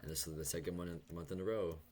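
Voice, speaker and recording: Young man, extremely deep voice, soft hesitant stuttering talk, confessional vlog, faint keyboard clicks behind. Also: fairly even intonation, very fast, a little hiss or hum. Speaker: vlogger. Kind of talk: confessional late-night vlog over gameplay.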